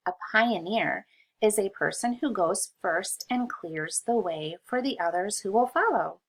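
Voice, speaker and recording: A woman's voice: medium pitch, animated, slightly rough, rough recording. A woman teacher reading a history lesson aloud to children, patiently sounding out each word. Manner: slow, patient, sounds out words for young readers. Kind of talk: read-along lesson for children.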